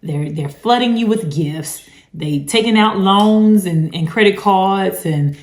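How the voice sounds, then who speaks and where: A woman's voice: lowish voice, moderate pace, hardly any pauses, a little mellow. A woman hosting a casual advice talk, speaking emphatically and chattily with many asides. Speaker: host talking about narcissistic abuse. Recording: roomy echo.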